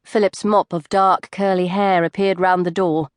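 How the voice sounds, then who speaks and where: A woman narrating a novel in an expressive, measured reading. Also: lowish voice, no echo. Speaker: audiobook narrator. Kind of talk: scripted narration.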